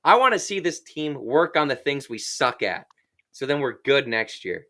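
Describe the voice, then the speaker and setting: A man's voice: medium pitch, sing-song, moderate pace, pushed and bright. A man hosting a casual sports podcast, chatty and self-deprecating. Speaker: podcast host.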